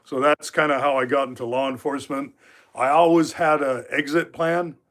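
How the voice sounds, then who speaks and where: A man's voice: a little high, fairly bright tone. A man in his fifties from Alaska, hosting a livestream and telling rambling stories full of filler words. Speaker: livestream host. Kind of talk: casual storytelling. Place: knife workshop.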